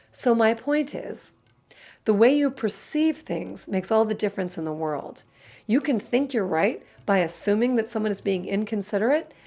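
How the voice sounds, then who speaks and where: Expressive woman giving communication tips. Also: mid-range voice. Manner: expressive, chatty, acts out little scenes. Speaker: communication coach. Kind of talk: direct-to-camera tips video.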